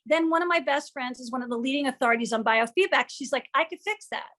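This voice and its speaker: A woman's voice: high voice, fast, fairly bright tone. A woman speaking as an interview guest, a matchmaker and TV producer. She tells stories candidly, acts out quoted lines and swears freely.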